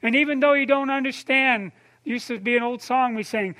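High, bright-voiced man preaching conversationally. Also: steady tone, quick pace. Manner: conversational preaching, addresses listeners by name, asks questions; drops to a soft low voice for tender points. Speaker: pastor. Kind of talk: sermon.

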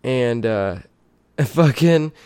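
A young man spins a loose, profane story, doubling back and correcting himself as he goes. His voice sits at a middle pitch, recorded close and dry with no room sound. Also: lively intonation, drawn-out words, dark tone, clean tone, no echo. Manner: rambling, heavy swearing, restarts and asides. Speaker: vlogger telling a story. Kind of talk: casual storytelling.

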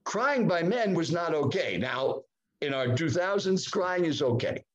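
Animated older man telling a story. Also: measured pace. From United States. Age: 70s. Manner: animated, dramatic pitch swings. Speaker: guest speaker. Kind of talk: storytelling in a podcast interview.

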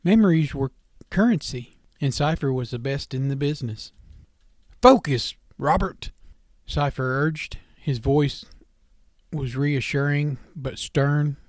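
A man's voice: mid-range voice, measured pace, darkish tone, no echo, studio quality. A man narrating a story aloud in a plain, unpolished reading style with small stumbles.

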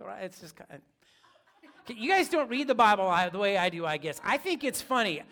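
A man's voice: sits high, very animated, a little fast, fairly bright tone. A man preaching a sermon as pastor, in a casual, joking, conversational way.

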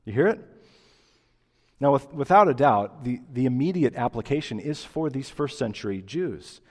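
A man's voice: mid-range voice, expressive, moderate pace, darkish tone, big-room sound. A man preaching a sermon as pastor, reading scripture aloud with rising emphasis and explaining it.

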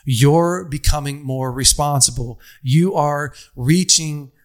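Speaking slowly in a slightly high voice, a young man addresses an audience with a motivational sermon. His delivery is conversational, heavy on casual fillers, and built from stacked, repetitive lists of phrases.

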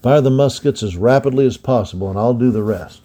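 A man reading a storybook, voicing a brave young male Patriot soldier who gives urgent orders and rallying cries in a husky, mellow voice. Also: mid-range voice, brisk, close to an everyday voice.

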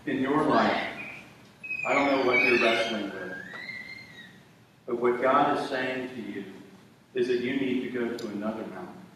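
Male pastor mid-sermon, shifts from forceful to quiet, recorded from afar in a reverberant sanctuary with faint background noise. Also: mid-range voice. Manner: preaching with swells from loud emphasis to near-hushed tones. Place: church sanctuary. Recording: echoey hall from far off.

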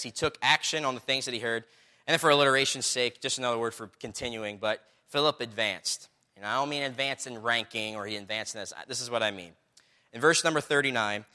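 A young man preaching a sermon, energetic and storytelling, acting out the people he quotes. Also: mid-range voice. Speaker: pastor.

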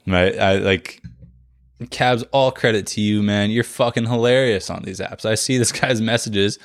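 Laid-back low-voiced man chatting. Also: normal speed, no echo, clean studio sound. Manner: laid-back, swears casually, laughs often. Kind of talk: casual chat.

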